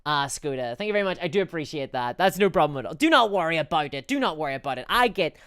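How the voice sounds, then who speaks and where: A woman's voice: sits low, lively intonation, fast, a bit bright, smooth, no room sound, studio quality. A woman chatting casually on a live stream, reading out and answering chat messages, rambling and stumbling over her words.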